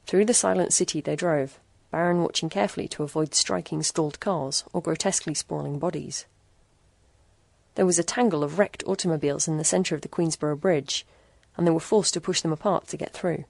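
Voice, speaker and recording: A woman narrating a short story in a measured, even storytelling manner. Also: deep voice, creaky, no echo. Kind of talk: scripted narration.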